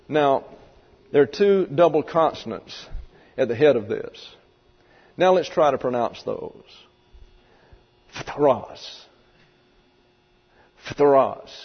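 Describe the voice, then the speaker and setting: Husky male Bible teacher, echoing hall. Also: medium pitch. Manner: halting, restarts, folksy asides. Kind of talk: verse-by-verse Bible lesson. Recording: dull lo-fi recording in a reverberant hall.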